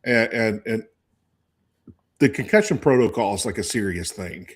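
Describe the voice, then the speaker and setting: A man's voice: lowish voice, animated, normal speed, husky. A man in his forties co-hosting a casual sports talk show, telling a rambling story full of restarts and fillers. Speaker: co-host. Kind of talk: casual chat.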